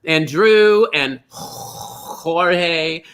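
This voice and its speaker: A man's voice: fairly high pitch, very slow, a bit bright. A man from Minnesota hosting a livestream bingo show, chatty and gushing as he greets viewers by name.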